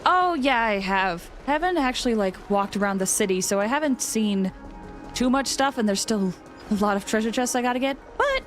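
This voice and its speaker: A woman's voice: medium pitch, fairly quick. A woman streamer giving casual, chatty commentary while playing, gushing and laughing often. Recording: game music under the voice.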